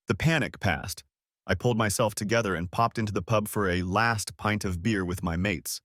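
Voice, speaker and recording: A man narrating a first-person audiobook story in a dramatic, animated manner. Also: on the low side, moderate pace, dry recording, clean studio sound.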